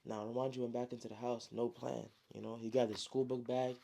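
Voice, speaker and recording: Gravelly man telling a story casually. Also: mid-range voice, a little fast. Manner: slangy, relaxed, many "you know" fillers. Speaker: storyteller and author. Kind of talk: casual spoken retelling of his novel.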